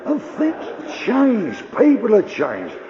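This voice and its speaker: An older man doing gruff, conversational stand-up storytelling. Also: high-pitched, wildly swooping pitch, takes it slowly, lo-fi sound, noisy background. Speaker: stand-up comedian.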